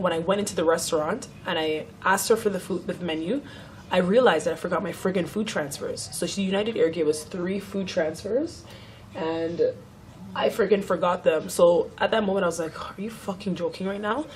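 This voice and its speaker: A woman's voice: fairly low pitch, moderate pace, a little hiss or hum. A young woman vlogger telling a story in a casual chat, swearing freely and acting out what others said.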